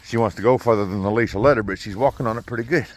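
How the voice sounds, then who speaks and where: A man's voice: lowish voice, very fast. A man gives easygoing, casual commentary while walking a new puppy outdoors in a yard. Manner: easygoing, coaxes the dog between remarks.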